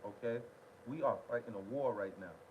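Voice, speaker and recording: A man's voice: mid-range voice, fairly quick. A man hosting a live political commentary stream, talking in a heated, emphatic way and repeating his phrases for effect. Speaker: online commentary host. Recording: muffled lo-fi audio with noise.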